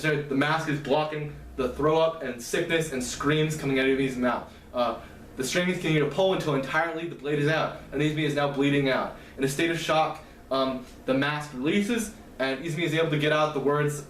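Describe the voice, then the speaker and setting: A man retelling the plot of a novel in a halting, casual way, often correcting himself. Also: a little high, fairly bright tone. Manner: halting, frequent fillers and self-corrections. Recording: echoey room, mic at a distance, faint hum.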